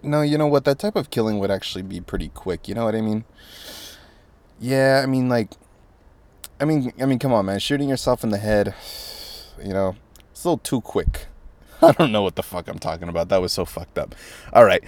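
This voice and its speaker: A man's voice: on the low side, expressive, fairly quick, pauses often, a little mellow. A man in his twenties hosting a solo podcast, rambling with lots of swearing and sarcasm. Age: 20s. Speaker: podcast host. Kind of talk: casual solo podcast monologue.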